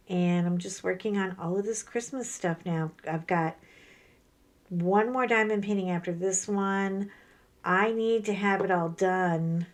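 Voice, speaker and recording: A middle-aged woman talks casually over her crafting, a storyteller who slips into other people's voices to act out what they said. Her voice sits a little low for a woman. She sounds sore after a workout. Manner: chatty storyteller, animated, acts out quoted voices. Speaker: crafting vlogger. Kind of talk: casual chat while crafting.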